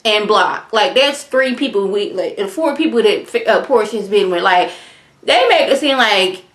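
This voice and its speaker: A woman's voice: medium pitch, lively intonation, measured pace. A woman, chatting casually as she recaps a reality show and acts out the cast's quotes in voices. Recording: echoey room.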